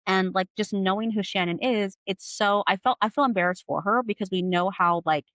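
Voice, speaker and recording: Bright-voiced woman recapping a book. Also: mid-range voice, fairly quick, no room sound, poor audio. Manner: analytical, lots of "like" and "you know" fillers. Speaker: podcast host.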